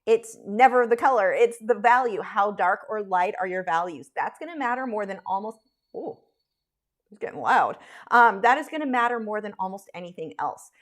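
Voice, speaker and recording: A woman's voice: medium pitch, expressive, normal speed. A woman chatting casually while teaching a live drawing stream, frank and talkative, with frequent fillers and restarts. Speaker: art instructor streaming live.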